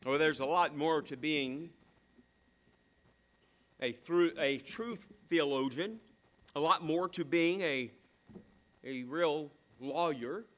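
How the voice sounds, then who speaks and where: A man preaches a sermon with a bright, forceful edge to his voice. His pitch sits a little higher than most men's. He drives hard through some phrases and drops to a slow hush on others. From southern United States. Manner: swings between emphatic, fast bursts and slow, hushed phrases. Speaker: pastor.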